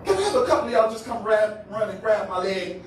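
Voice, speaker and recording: A man pastor with a Cleveland, Ohio accent preaching a call-and-response sermon, climbing into shouted, drawn-out phrases. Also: high voice, sing-song. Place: church sanctuary. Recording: echoey church hall from far off, noisy.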